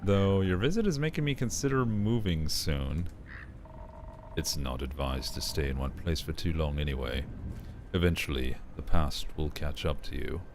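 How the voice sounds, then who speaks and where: A man plays a suave, sly wanderer, adopting a put-on English-style voice full of deep vocal fry. His manner is dry, sardonic and politely menacing, delivered at a moderate pace over background noise.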